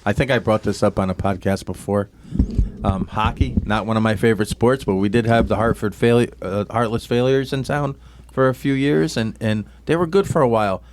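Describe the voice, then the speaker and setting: A man's voice: lowish voice, a little fast, a little mellow, slight background noise. A man from co-hosting a casual sports podcast, telling stories and acting out the people in them. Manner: storytelling, acts out quoted voices, laughs while telling. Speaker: podcast co-host.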